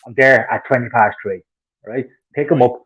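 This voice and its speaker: A man's voice: medium pitch, moderate pace, a bit bright, husky, lo-fi sound. An Irish man co-hosting a podcast, telling profane, heated stories in casual chat. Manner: profane, heated ranting storyteller. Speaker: podcast co-host.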